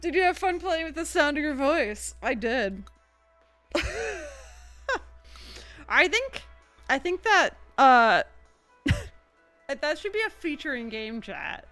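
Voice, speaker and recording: A woman streamer chatting through a gameplay session in a relaxed, unhurried way. Her pitch sits a little high and swings widely as she rambles to her viewers, with faint game music under her voice. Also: no echo. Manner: rambling, chatty, talks to chat. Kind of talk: casual gameplay livestream chat.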